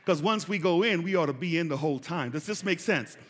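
A man, preaching a sermon with call-and-response and building to shouts. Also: a little high. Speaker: pastor. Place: large church hall. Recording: reverberant church hall.

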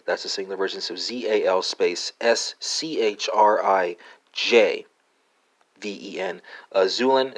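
A man hosting a solo language-lesson podcast, spelling out words letter by letter with lots of "uh" and "right?" and a few wry asides. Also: lowish voice.

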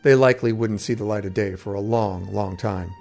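A man narrating a first-person fantasy adventure story in a dramatic, steady way. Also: lowish voice, a little fast, creaky. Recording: faint background music.

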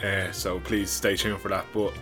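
A man's voice: low-pitched, little pitch movement, normal speed, fairly bright tone, soft background music. A man hosting a podcast, laughing along with his co-host and introducing the next segment in a laid-back way.

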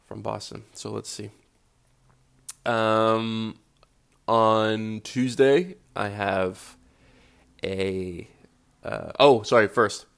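Male podcast host, lowish groggy morning voice, rambling self-deprecating chat with casual swearing. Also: fairly even intonation, extremely slow, vocal fry, long pauses, clean tone.

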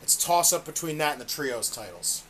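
A man with a slightly high, fairly bright voice talks at normal speed in an animated way. He co-hosts a casual wrestling review podcast, ranting in exasperation and swearing constantly.

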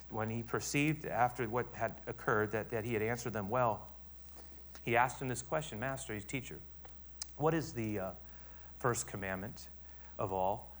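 A middle-aged man preaching a sermon, moving between quiet explanation and loud, emphatic build-ups. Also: mid-range voice.

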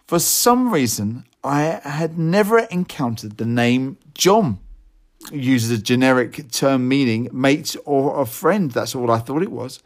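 A man reading his own reflective first-person story in a gentle, self-deprecating way, now and then correcting his own slips. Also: medium pitch, lively intonation, unhurried.

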